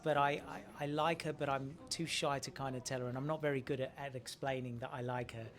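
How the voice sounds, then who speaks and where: In a casual press interview, an Australian man who acts answers questions at a quick pace, with a medium-pitched voice and fairly even intonation. He's friendly and talkative, frequently restarting what he says.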